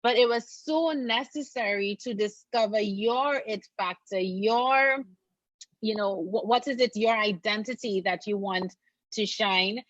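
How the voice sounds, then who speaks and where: A woman's voice: medium pitch, unhurried, fairly bright tone, no room sound, dull audio. A woman attorney guest speaking earnestly and encouragingly, repeating phrases for emphasis. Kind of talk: casual interview chat.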